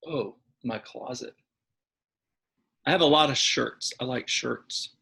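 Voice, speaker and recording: A man who directs a church's music, chatting warmly as an interview guest and gently poking fun at himself. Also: medium pitch, takes it slowly, creaky, husky. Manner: warm, chatty, self-deprecating. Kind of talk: casual interview chat.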